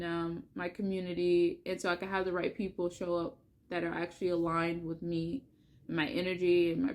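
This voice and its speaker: A young woman vlogging casually, earnest and chatty with many fillers, reading aloud from oracle cards. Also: on the low side. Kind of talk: casual spiritual vlog with card reading.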